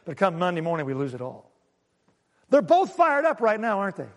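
A man preaching a sermon, swinging between loud and hushed and asking the congregation questions. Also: high voice, sing-song, normal speed, big-room sound. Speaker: pastor.

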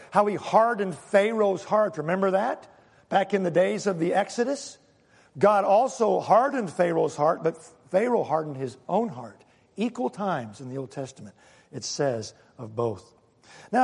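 Man, pastor, sermon, raspy gravelly voice, emphatic rhetorical questions. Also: high voice, long reverb tail.

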